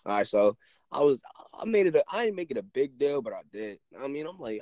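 A man's voice: medium pitch, very animated, brisk, darkish tone, no echo. A young man telling a story in casual chat, laid-back and rambling, often restarting his sentences.

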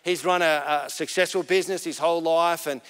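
Male pastor, higher voice, earnest chatty sermon delivery, long church-hall reverb. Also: steady tone, brisk, a bit bright, clean tone. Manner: earnest, conversational storytelling that builds to emphatic points.

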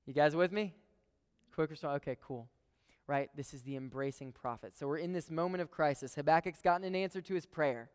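A man's voice: on the high side, fairly quick, clean tone, big-room sound. A man preaching a sermon in a casual, emphatic way, talking straight to his listeners and repeating phrases for stress.

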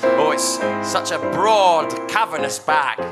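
A man's voice: a little high, takes it slowly. A man playing a flustered, fawning zeppelin crewman in an improvised comedy audio drama, stammering and giggly, with music behind.

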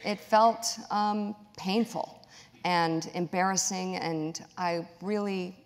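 A woman's voice: lowish voice, steady tone, slow pace, slight background noise. A middle-aged woman being interviewed before a live audience, telling a personal story candidly. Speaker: guest, author. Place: large hall with audience. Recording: long hall reverb.

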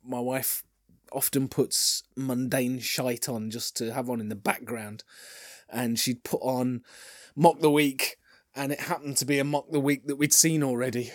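A man's voice: mid-range voice, fairly even intonation, unhurried, no echo, studio quality. A man in his thirties hosting a casual solo podcast, rambling and sidetracking, often restarting his sentences. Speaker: podcast host.

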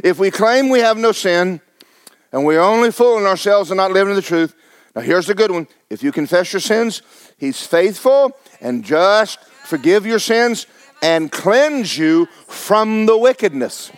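A man's voice: sits high, expressive, unhurried, clean tone, no echo. A man preaching a sermon, folksy and fiery, repeating phrases for emphasis. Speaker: pastor.

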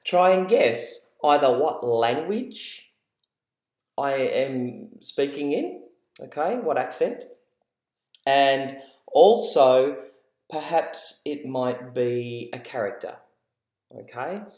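A man's voice: medium pitch, lively intonation, takes it slowly, a little mellow. Chatty Australian man hosting a lesson podcast. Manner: chatty, encouraging, laughs at himself. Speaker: podcast host and educator. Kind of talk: casual educational podcast. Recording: roomy echo.

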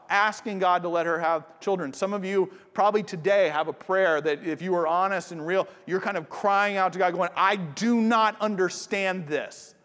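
A pastor preaching a sermon, talking conversationally and directly to the congregation. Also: male voice, sits high, a bit bright. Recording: long hall reverb.

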